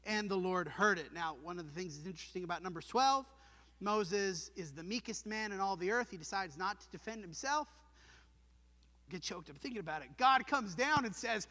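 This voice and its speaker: A man's voice: high voice, lively intonation, normal speed, sharp tone. A man preaching a sermon in a church, earnest and emphatic, posing rhetorical questions to his congregation. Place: church sanctuary. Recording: long hall reverb.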